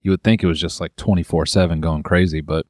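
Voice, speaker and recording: A man's voice: low voice, fairly even intonation, fast, darkish tone, no room sound, clean studio sound. A man co-hosting a comedy podcast, joking crudely and laughing often in casual chat. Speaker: podcast co-host.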